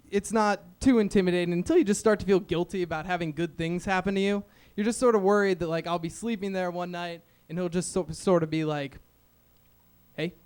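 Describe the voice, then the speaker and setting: On the stage of a small open-mic venue, a young comedian speaks in a high, smooth, slightly mellow voice. His set wanders and pokes fun at himself, stuffed with filler words.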